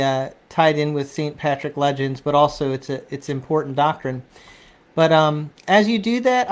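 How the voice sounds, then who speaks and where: A man hosting a casual conversation, talking haltingly with restarts and throat clearing. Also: a little high. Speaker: host. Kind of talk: casual chat.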